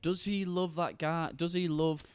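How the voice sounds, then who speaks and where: Man from Manchester, podcast co-host, rambling casual chat, smooth voice, dry close sound. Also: a little high, steady tone, measured pace, no room sound. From Manchester, England. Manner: rambling, many fillers and restarts.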